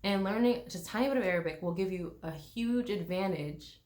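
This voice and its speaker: A woman's voice: medium pitch, a little fast, a little mellow. A young woman from the United States, a travel vlogger, ranting bluntly and swearing freely, mocking people with put-on voices. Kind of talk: casual ranting vlog.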